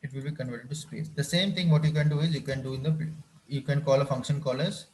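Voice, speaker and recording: Teaching a live coding class, a male instructor speaks quickly in a slightly mellow, medium-pitched voice, frequently repeating himself and asking if students keep up.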